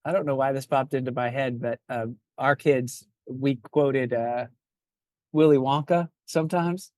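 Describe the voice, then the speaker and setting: A man's voice: mid-range voice, fairly even intonation, a little slow, a little mellow, no echo. Man in his fifties, pastor guest, reflective, restarts phrases, dry close sound. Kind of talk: casual podcast conversation.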